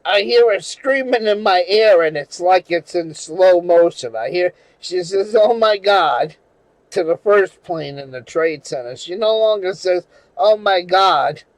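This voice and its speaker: Man from New England, slow rambling storyteller, high-pitched, swears and restarts, dry close sound. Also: darkish tone, no room sound, poor audio. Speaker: channel host. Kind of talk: casual storytelling monologue.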